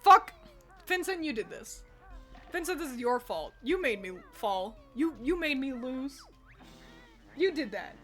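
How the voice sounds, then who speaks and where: A young woman with a slightly high voice talks casually and playfully while she streams from home, swearing freely and chatting to her cat. She speaks into a desk microphone, and faint game music plays underneath. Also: big pitch swings, unhurried. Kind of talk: casual gaming commentary.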